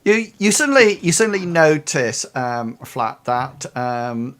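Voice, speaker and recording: Man narrating a tabletop game as game master, slow and halting. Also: mid-range voice, fairly bright tone. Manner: hesitant, many ums and restarts.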